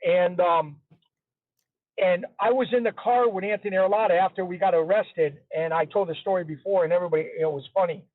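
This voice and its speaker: Over a tinny, dry phone line with no echo, a man appears as an interview guest, telling a story in a chatty, casual way. His voice sits high and moves quickly, and he repeats himself for emphasis.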